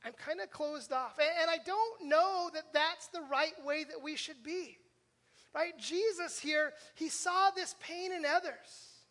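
Male pastor, high bright voice, chatty sermon with lots of rhetorical "right?", long hall reverb. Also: a little slow. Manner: conversational, asks the congregation questions with frequent "right?"; self-deprecating humor.

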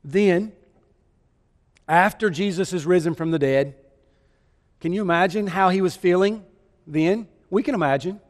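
A man's voice: sits high, a little slow, long pauses, long reverb tail. A man preaching a sermon, telling the story with many rhetorical questions.

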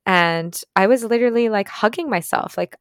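A woman's voice: medium pitch, moderate pace, clean tone, no room sound, clean studio sound. A young woman earnestly recounting a personal experience in a casual, heartfelt way, with many "like"s and "right?"s. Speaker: vlogger recounting a retreat experience. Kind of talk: casual storytelling monologue.

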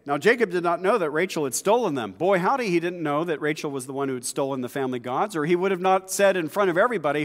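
A male pastor with a somewhat high voice preaching in a church. He tells stories in a chatty way and keeps breaking off for asides. His words carry a long reverb from the big sanctuary. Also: animated, fast talker, few pauses. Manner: conversational storytelling with asides and laughs. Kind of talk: sermon.

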